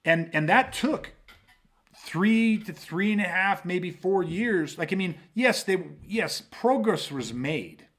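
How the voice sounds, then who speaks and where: A man's voice: high-pitched, lively intonation, slow pace, fairly bright tone. A man hosting a podcast about self-defense, telling stories animatedly with lots of swearing and restarts. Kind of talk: casual podcast talk.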